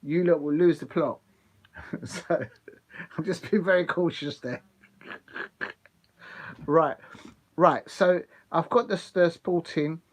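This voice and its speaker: A man hosting a live football watch-along, chatting excitedly with viewers and laughing often. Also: fairly high pitch, takes it slowly, long pauses. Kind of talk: live casual chat with viewers.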